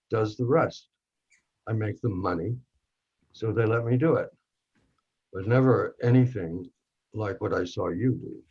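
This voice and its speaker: A man reading as a gravelly wistful narrator. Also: lowish voice. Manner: intimate, drops to hushed tones for tense moments. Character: wistful narrator recalling a charged night with a film actor. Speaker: actor in a workshop reading. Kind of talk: dramatic monologue reading. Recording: dull lo-fi recording.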